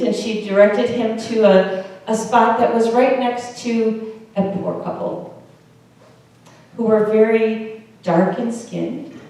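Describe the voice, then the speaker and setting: A woman's voice: medium pitch, dark tone. A woman pastor from the United States preaching a sermon in a conversational way, with questions to the congregation. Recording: echoey church heard from a distance.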